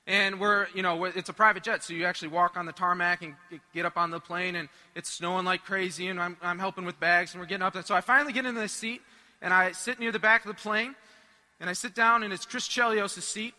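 A young man giving a humorous, animated storytelling talk to a live audience at a church rally, acting out the voices of the people in it. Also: high voice, fast talker, big-room sound. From United States. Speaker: speaker at a Catholic renewal rally.

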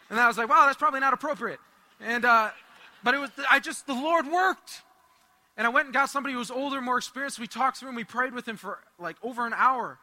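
A young man preaching a sermon, telling a personal story in an animated way with asides and laughs. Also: very high-pitched.

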